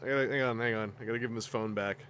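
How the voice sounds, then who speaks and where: A man's voice: mid-range voice, steady tone, rapid-fire, a bit bright, a little hiss or hum. A man chatting casually on a livestream as host, rambling with lots of asides and frequent laughter. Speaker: toy collecting streamer.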